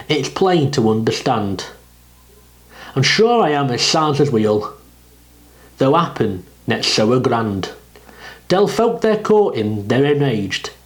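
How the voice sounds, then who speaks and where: In a low-quality recording, a male poetry reader slowly and deliberately recites a poem in dialect. His pitch swings widely from line to line in an expressive, animated, rising-and-falling delivery that gives every verse weight.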